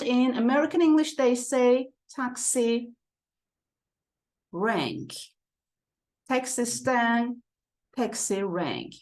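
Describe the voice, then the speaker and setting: Woman teacher, fairly high voice, slow and drawn-out, repeats each word. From Turkey. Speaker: English teacher. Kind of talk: online lesson walkthrough.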